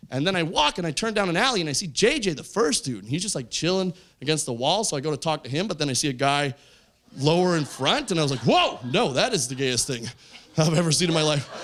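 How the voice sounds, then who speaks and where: A young man tells a stand-up story on stage, his fairly high voice leaping up and down as he acts out each person. He shouts some punchlines and drops low for others. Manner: animated, voices quoted friends, yells punchlines. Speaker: stand-up comedian. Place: comedy club stage. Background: audience laughter.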